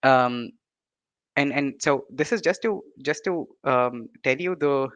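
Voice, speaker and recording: A man's voice: mid-range voice, fairly bright tone, no echo. A young man with an Indian accent, giving an online lecture, full of fillers and restarts and often checking in with "right?". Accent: Indian English. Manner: halting, many fillers and restarts, ending points with "right?". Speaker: presenter.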